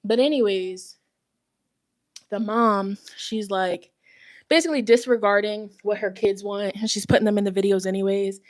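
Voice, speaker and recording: A breathless woman talks casually to her livestream audience, chatty and quick to giggle. Her voice sits at a mid pitch. It is close on a phone mic with a dry sound and no room echo. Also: fairly even intonation. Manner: chatty and giggly, calls viewers "y'all". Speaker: tarot reader and spiritual host. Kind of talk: casual livestream chat with viewers. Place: at home, walking around. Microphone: phone microphone held close.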